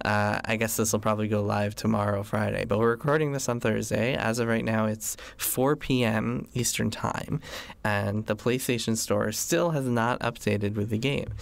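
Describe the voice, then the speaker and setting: A man's voice: fairly low pitch, steady tone, moderate pace, gravelly, no echo. A man co-hosting a podcast, chatting casually and ranting wryly about complaints. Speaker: podcast co-host. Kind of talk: casual chat.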